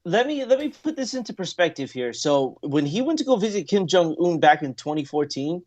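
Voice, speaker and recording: A man's voice: high-pitched, big pitch swings, a little fast, a little mellow. A man co-hosting a sports talk show, asking teasing questions in casual banter.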